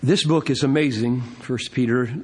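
A man preaching a sermon with emphasis, slowing down to stress key words. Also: mid-range voice. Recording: long hall reverb.

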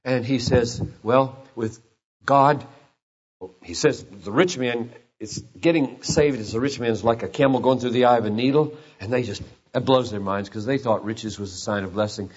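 A man in his fifties preaching a sermon, retelling scripture quietly and then building to shouted passion. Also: medium pitch, normal speed, breathy edge, dull audio. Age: 50s. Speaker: pastor.

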